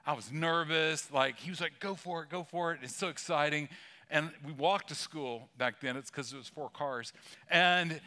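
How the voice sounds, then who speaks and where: A man's voice: fairly high pitch, moderate pace, sharp tone. A middle-aged male pastor giving a sermon in a church, talking in a casual, joking way and telling a story. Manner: conversational storytelling with humor. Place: church sanctuary.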